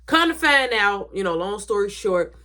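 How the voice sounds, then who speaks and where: A woman's voice: mid-range voice, very animated, moderate pace, bright, forceful tone. A woman telling a story in a casual, dramatic way, swearing freely.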